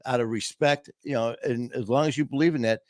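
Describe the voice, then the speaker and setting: A man's voice: medium pitch, a little fast, dry recording, clean studio sound. A man hosting a podcast and telling a story casually, rambling with many "you know"s and acting out the quoted dialogue. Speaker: podcast host.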